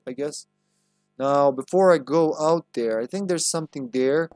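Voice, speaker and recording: A man's voice: a little high, normal speed, darkish tone, dry recording, faint music behind. A man giving live gameplay commentary as a streamer, joking crudely and talking back to the game.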